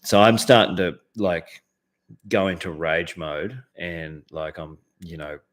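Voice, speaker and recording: Very deep-voiced Australian man ranting. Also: fairly even intonation, slow pace. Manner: profane, heated, lots of fillers and restarts. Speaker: host. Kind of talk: casual storytelling rant.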